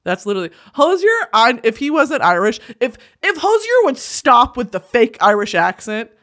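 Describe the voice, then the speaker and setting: A young woman hosting a podcast in casual chat, animated and gushing, laughing often and poking fun at herself. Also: a little high, moderate pace, hardly any pauses. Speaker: podcast host.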